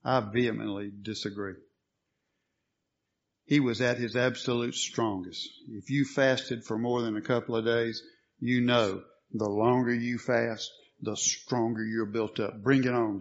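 A male preacher delivers a sermon at a middle pitch, often throwing a question to the congregation and answering it himself. His delivery is emphatic and earnest. The recording sounds slightly dull and lo-fi. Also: little pitch movement, unhurried, slight background noise.

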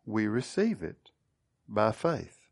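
A man's voice: fairly low pitch, very animated, takes it slowly, vocal fry, husky. A man preaching a sermon, teaching and putting questions to his congregation. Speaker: pastor.

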